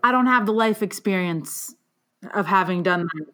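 A woman's voice: mid-range voice, moderate pace, a bit bright, a little hiss or hum. A woman in her twenties interviewing a guest, who responds in a sympathetic, frank way. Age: 20s.

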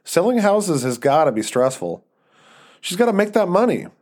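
A man's voice: high-pitched, big pitch swings, moderate pace, darkish tone, voice pushed up. A man doing a cocky, teasing young husband. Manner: teasing and irreverent.

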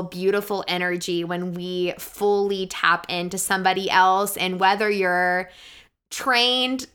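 A woman, a physical therapist, talking as a guest in a casual conversation, telling earnest, animated stories with lots of fillers. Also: medium pitch, clean tone.

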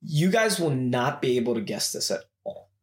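Brief: animated male host rambling to his audience on a chat podcast, echoey room. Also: medium pitch, normal speed, a little hiss or hum. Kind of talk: casual chat. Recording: roomy echo.

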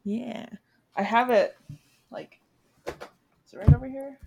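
A woman's voice: on the high side, steady tone, slow, vocal fry, dark tone, slightly rough, no room sound. A young woman chatting casually as a podcast co-host, trailing off with fillers. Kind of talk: casual chat.

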